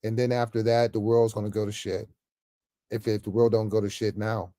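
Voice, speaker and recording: A man's voice: fairly low pitch, flat delivery, fairly quick, mellow, dry recording, clean studio sound. A man giving an off-the-cuff political rant to camera, emphatic and repetitive, stammering often and ending phrases with "man". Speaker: political commentator vlogger.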